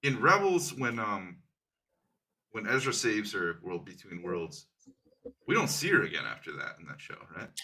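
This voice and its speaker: A man's voice: on the low side, big pitch swings, normal speed, pushed and bright. A man co-hosting a casual fan podcast, laying out theories and checking facts with questions. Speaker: podcast co-host.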